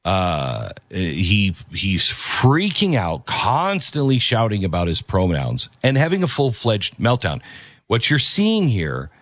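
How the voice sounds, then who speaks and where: A male commentary host talks over a video clip in an emphatic, preachy manner and hammers his points home by repeating them. His delivery swings widely up and down in pitch. The sound is dry and close to the mic. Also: no echo.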